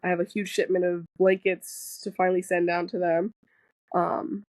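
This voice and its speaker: A woman's voice: lowish voice, flat delivery, moderate pace, a little mellow, dry recording, poor audio. A woman as a podcast guest in casual chat, talking candidly with lots of fillers and restarts, swearing freely and joking as she goes. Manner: rambling with many fillers and restarts.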